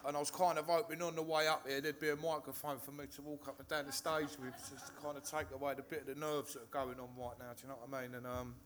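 On the high side and a bit bright, this man's voice is flat and quick, with few pauses. He is from Hertfordshire, England, giving recovery testimony to a live audience on a meeting-hall stage, nervous, swearing often and restarting his sentences.

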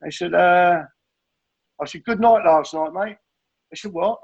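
A man's voice: high-pitched, unhurried, vocal fry, long pauses, slightly rough, dull audio. A middle-aged man sharing his addiction recovery story in a rambling, blunt way, swearing and saying mate constantly.

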